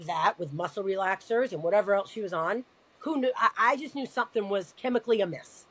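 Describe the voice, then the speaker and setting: A woman's voice: mid-range voice, fast talker, fairly bright tone, dry recording, rough recording. A woman speaking as a podcast guest, sharing a personal story in an earnest, emotional way. She often stumbles over her words and restarts sentences as she tries to find them.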